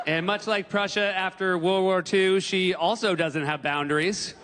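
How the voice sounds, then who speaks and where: A man in his forties from New Hampshire doing animated stand-up comedy on a theater stage. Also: sits high, normal speed, crowd noise, background noise. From New Hampshire, USA. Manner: animated, breaks into yelled impressions. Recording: stage mic in a reverberant hall.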